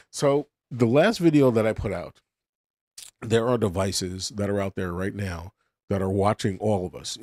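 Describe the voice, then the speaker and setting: A man's voice: on the low side, a little mellow, dry recording, studio quality. A middle-aged man hosting a podcast, rambling bluntly through a casual monologue full of restarts and swearing. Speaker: podcast host.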